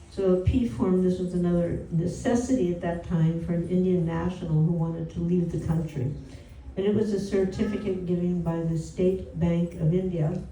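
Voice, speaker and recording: Her voice is mellow and low, with a steady tone and normal speed, as she gives a storytelling talk at a devotional home program. She speaks conversationally with frequent "you know" asides; the recording of the indoor room is roomy and distant from the mic, with a bit of hiss or hum.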